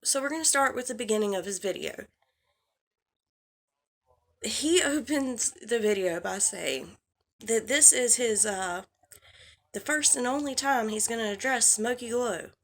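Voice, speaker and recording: A woman's voice: a little high, measured pace, long pauses, a bit bright. A woman giving a heated, exasperated commentary rant on her vlog, swearing and talking straight at the person she is criticising. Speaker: drama commentary vlogger.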